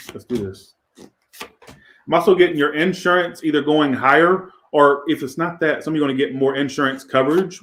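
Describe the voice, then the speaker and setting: A man's voice: mid-range voice, reverberant. A man doing a casual tarot reading in a crude, profane, rambling way. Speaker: tarot reader.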